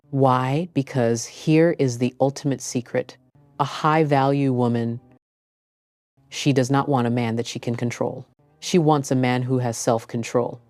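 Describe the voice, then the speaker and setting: A woman giving scripted motivational relationship advice, speaking in a slow, deliberate and emphatic way. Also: extremely low pitch, mellow, no room sound.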